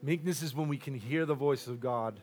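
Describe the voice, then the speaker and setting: A man preaching a sermon to a congregation, loud and boisterous at times and dropping to a near hush at others. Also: medium pitch, moderate pace, slight background noise.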